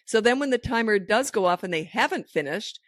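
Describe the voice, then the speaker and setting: A woman's voice: fairly high pitch, expressive, a little fast, a bit bright, no echo, clean studio sound. A middle-aged woman hosting a parenting podcast, giving advice in a casual, goofy way and laughing often. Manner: goofy, laughs often, acts out voices in stories.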